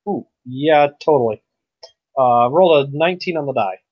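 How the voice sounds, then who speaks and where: A man's voice: mid-range voice, expressive, moderate pace, dry recording. A man playing a tabletop game, talking casually and joking around. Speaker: player. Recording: dry, lo-fi recording.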